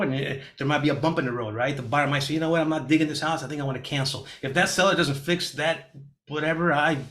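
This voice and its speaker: Teaching a real estate class by video call, this middle-aged man stays energetic and motivational. He often slips into a higher voice to play panicked clients.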